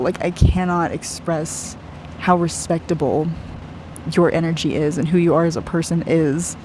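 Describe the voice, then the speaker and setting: An aura reader giving a personal spiritual reading to one client, gushing and effusive, soft and earnest, often saying "like". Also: mid-range voice, fairly even intonation, normal speed, a little hiss or hum, rough recording. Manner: gushing and effusive, heavy use of "like".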